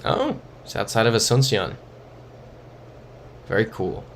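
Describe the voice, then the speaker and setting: Slow-talking low-voiced young man. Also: huge pitch swings, a little hiss or hum. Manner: muttering, thinking aloud, reading chat. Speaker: streamer. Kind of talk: casual live-stream commentary.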